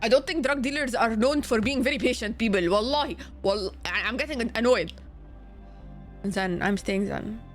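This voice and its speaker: A young woman streaming a game in a casual, expressive way, swearing often and mixing in Arabic phrases. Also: a little high, moderate pace, faint music behind.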